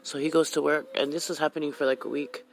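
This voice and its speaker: Woman from hawaii telling her story, raw and emotional, kinda gravelly voice. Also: sits low, fairly even intonation, fast, slight background noise, low-quality recording. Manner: candid, emotional, retells conversations. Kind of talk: personal storytelling on radio.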